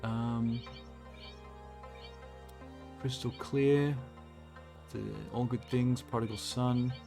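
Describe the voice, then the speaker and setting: This let's-play commentator is a man with a mid-range, dark-toned voice, delivering his lines flatly and very slowly over faint music. He's chatty and profane, muttering to himself as he plays a game on stream.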